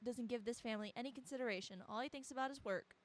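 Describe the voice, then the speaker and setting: A woman reading the lines of a rushed, complaining mother in a game. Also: on the high side, lightly acted. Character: hurried, fretful mother.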